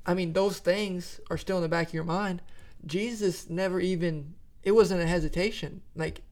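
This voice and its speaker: Man, higher pitch, gravelly edge, animated podcast co-host, searches for words. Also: moderate pace. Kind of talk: casual faith podcast chat.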